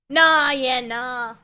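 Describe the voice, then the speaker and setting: A woman's voice: sits high, sharp tone, smooth. An Australian woman streaming a game, chatting casually, swearing freely and laughing often.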